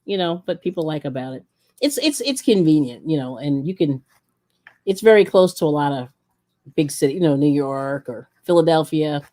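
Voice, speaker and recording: A woman's voice: fairly low pitch, dark tone. A woman hosting a casual cooking live stream, reading viewer comments aloud in a chatty, rambling way and giggling often. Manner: chatty and giggly, laughs often between remarks; rambling, with many fillers and restarts.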